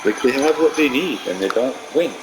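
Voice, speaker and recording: A man's voice: medium pitch, animated, brisk, a crowd in the background, low-quality recording. A man giving casual, profane commentary while playing a baseball video game, ranting and getting heated over calls.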